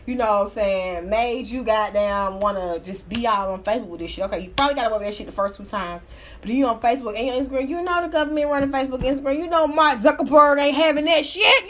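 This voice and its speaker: A woman giving casual, profane, animated commentary while reading a news story aloud. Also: a little high, fast talker. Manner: animated, sassy, profane, laughs often.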